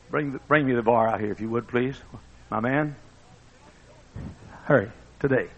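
A male preacher delivering a sermon in a dramatic style that booms and then drops to a hush. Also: normal speed, long pauses. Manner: dramatic preaching, booming one moment and hushed the next. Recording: dull lo-fi sermon recording.

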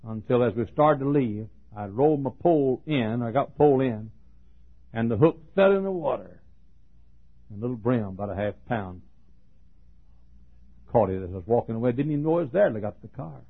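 A man preaching a sermon, swinging from ringing shouts down to near-hushed asides. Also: mid-range voice, expressive, a little fast, long pauses, slightly rough. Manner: builds to ringing shouts, then drops to a hush. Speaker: pastor. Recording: phone-like narrow band.

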